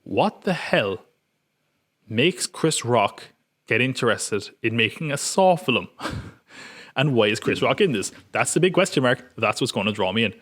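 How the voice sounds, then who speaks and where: A man's voice: medium pitch, big pitch swings, measured pace, a bit bright. A man hosting a podcast, chatting casually and wryly about upcoming films and poking fun at his own jokes. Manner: wry, self-mocking, joking. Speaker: podcast host. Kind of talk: casual film preview chat.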